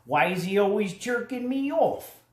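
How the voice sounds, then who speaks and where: A man putting on a foul-mouthed Philadelphia electrician with a Philadelphia accent, trading loud, crude banter. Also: sits high, lively intonation, moderate pace, recorded from a distance, pitched above the performer's own voice. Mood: bickering. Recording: roomy echo.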